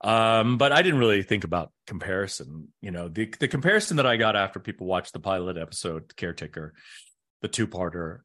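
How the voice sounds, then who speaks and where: A man's voice: low-pitched, brisk. A middle-aged man, an actor, telling stories in a casual interview and acting out the voices of people he quotes. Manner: animated, acts out quoted voices. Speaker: actor and guest.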